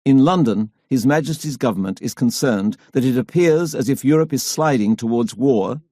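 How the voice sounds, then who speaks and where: A man with a medium-pitched voice narrates a history audiobook in a measured, even storytelling style. It's scripted narration, recorded with clean studio sound and no echo.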